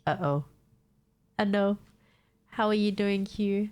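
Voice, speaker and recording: A woman's voice: medium pitch, takes it slowly, darkish tone, a little hiss or hum. A young woman with a stuffed-up nose from a cold, chatting casually to her stream viewers, swearing freely and laughing often. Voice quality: nasal, congested.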